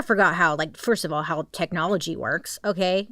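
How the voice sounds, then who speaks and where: A woman's voice: on the low side, moderate pace, hardly any pauses, pushed and bright, no echo, studio quality. A woman telling a true crime story in a casual, slangy way, often dropping into dramatic whispers.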